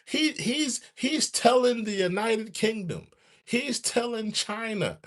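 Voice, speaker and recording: Animated high-voiced man ranting. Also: unhurried. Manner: animated, repetitive, rants and mock-sings. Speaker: commentary show host. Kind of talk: casual live-stream commentary.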